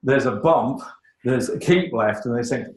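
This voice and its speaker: A man giving a lively, emphatic lecture on public speaking, with joking asides to the audience. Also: medium pitch, measured pace, roomy sound, low-quality recording. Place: lecture room.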